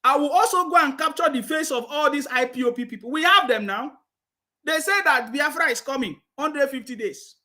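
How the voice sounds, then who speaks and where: High-pitched, fairly quick, and pushed and bright, this Nigerian-accented political commentator mocks the people he's talking about. Laughter breaks through often, and "you understand me" comes up again and again.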